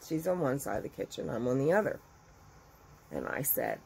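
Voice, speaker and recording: A middle-aged woman who runs a crochet business tells her viewers a story in a chatty, animated way, acting out the quotes. Her voice is mid-range at a moderate pace, and the audio is poor.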